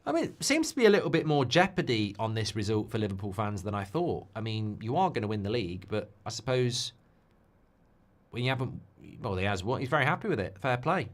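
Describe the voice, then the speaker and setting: A man with a fairly low, sing-song voice keeps a brisk pace as he hosts a live football watchalong. He makes casual, spontaneous conversation and handles viewer requests.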